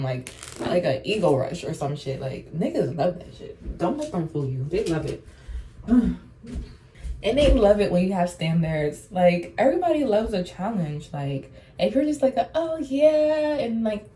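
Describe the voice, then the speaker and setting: A woman's voice: mid-range voice, dark tone, a little hiss or hum. A young woman vlogging casual girl talk while getting ready, blunt and sassy, swearing freely and calling viewers honey. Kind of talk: casual get-ready-with-me chat.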